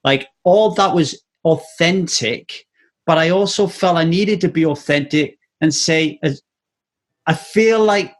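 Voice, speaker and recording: A man hosting a casual podcast interview, with a voice a little higher than most men's. He talks candidly, swears freely and tells stories at length. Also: a little slow. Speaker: podcast host.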